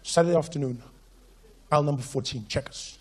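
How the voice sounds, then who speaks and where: A young man doing stand-up, telling animated stories. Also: a little high, fairly quick. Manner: animated storytelling, switches into voices. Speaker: stand-up comedian. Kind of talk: stand-up comedy.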